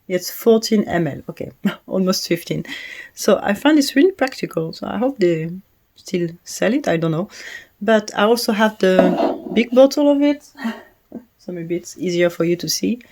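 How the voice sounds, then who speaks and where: A woman speaking English with a French accent, her voice in a middle register. She talks in a casual, chatty way, pausing with little hesitations and soft laughs as she reviews products. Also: medium pitch, lively intonation, slight background noise. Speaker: fragrance reviewer.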